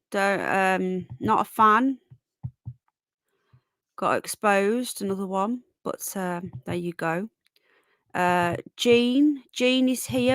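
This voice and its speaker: A woman's voice: fairly high pitch, no echo, studio quality. A tired, yawning woman hosting a casual live stream, chatting and greeting viewers by name as darling and sweetheart. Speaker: livestream host.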